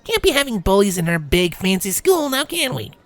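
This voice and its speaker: A man's voice: sits high, sing-song, a little fast, fairly bright tone, dry recording, voice pushed up, exaggerated voice. A man voicing a brash, blunt young pegasus mare in a fanfiction reading, with a raised, teasing voice. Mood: stern.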